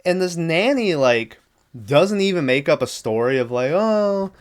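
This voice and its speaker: A man's slightly high, expressive voice moves at a moderate pace. He's a podcast host loosely recapping a movie plot on his own, cursing as he goes and playing out what the characters say.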